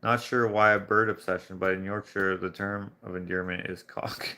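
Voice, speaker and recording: A man's voice: lowish voice, a little slow, sharp tone. A man from Canada chatting casually during a live painting stream, rambling through anecdotes and chuckling along. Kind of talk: casual chat while painting.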